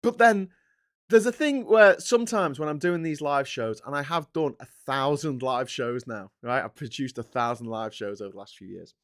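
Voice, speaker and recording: A man with a Scouse accent hosts a casual live stream, talking into a desk mic at his computer. He rants with strong opinions and jumps into loud whoops, and his voice sits at a middling pitch. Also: moderate pace. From England. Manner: animated, opinionated ranting with sudden loud outbursts.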